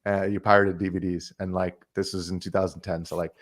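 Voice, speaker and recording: A man's voice: low-pitched, level tone, fairly quick. A man in his thirties, a guest journalist, telling stories in a casual podcast conversation and mimicking other people's voices as he goes. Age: 30s.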